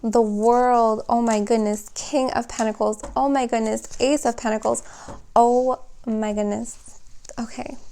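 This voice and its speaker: Slow-spoken woman reading tarot cards. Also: a little high, a little mellow. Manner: emotional, exclaiming, thinking aloud. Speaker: tarot reader.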